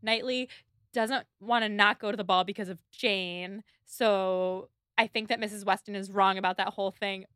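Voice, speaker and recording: A woman co-hosts a podcast in a relaxed book-club style, recapping a story's plot with playful side comments. Her medium-pitched voice is steady, smooth, and fairly bright, at a moderate pace, recorded with clean studio quality and no echo.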